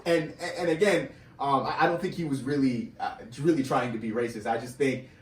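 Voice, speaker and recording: A man's voice: medium pitch, fairly quick, slight background noise. A young man co-hosting a casual podcast, hedging with fillers while playfully arguing the other side. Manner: hedging, playful devil's advocate, many fillers. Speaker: podcast co-host. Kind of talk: casual chat. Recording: roomy, distant mic.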